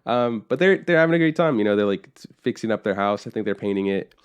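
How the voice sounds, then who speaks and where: A man's voice: fairly low pitch, lively intonation, quick pace, clean tone, highs cut off. A young man co-hosting a podcast, telling a rambling, profane story and acting out his family's lines in casual chat. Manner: rambling storyteller, swears freely, acts out family quotes. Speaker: podcast co-host.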